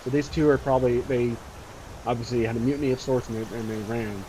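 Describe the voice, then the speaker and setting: A man's voice: mid-range voice, steady tone, fast, warm tone, slight background noise, poor audio. Casual man narrating a solo roleplay game. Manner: rambling, casual, many fillers. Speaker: solo tabletop role-player.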